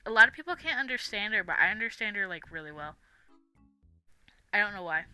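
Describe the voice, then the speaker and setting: A woman's voice: medium pitch, lively intonation, brisk, sharp tone, clear, resonant tone, soft background music. A young woman live-streaming, chatting casually in a rambling, giggly way with lots of fillers. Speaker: livestream host.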